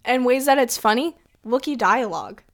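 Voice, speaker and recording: Giggly young woman on a call, kinda high voice, rambles and trails off. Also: normal speed. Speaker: co-host. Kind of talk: casual chat. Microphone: video call.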